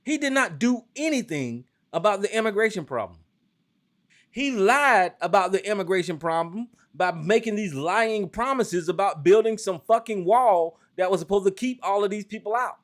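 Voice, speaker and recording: A man hosting a call-in talk show from the United States, ranting hotly with lots of cursing, then dropping into a slower, lower drawl. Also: animated. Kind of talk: profane political rant and call-in talk.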